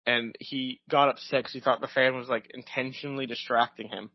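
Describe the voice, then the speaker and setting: A man's voice: medium pitch, flat delivery, fairly quick, no room sound. Rambling young man on a podcast. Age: young adult. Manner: rambling, tangent-prone, many fillers. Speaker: podcast co-host. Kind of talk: casual chat. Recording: dull dry lo-fi audio.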